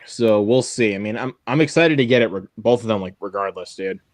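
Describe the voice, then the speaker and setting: A man's voice: on the low side, fairly quick, dry recording. A young man chatting casually with friends, often repeating words as he talks. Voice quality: repeats words, stammering restarts. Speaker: co-host on a watch-along. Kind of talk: casual chat.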